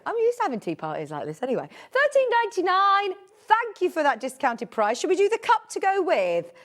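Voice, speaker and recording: Lively chatty British woman selling. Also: fairly high pitch. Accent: British English. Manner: chatty, bubbly sales patter. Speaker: shopping channel presenter. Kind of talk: live home shopping sales chat.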